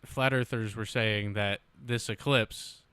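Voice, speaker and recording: Bright-voiced man explaining patiently. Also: on the low side, steady tone, takes it slowly, clean tone. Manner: patient, explains things step by step. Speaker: podcast co-host. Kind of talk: casual chat.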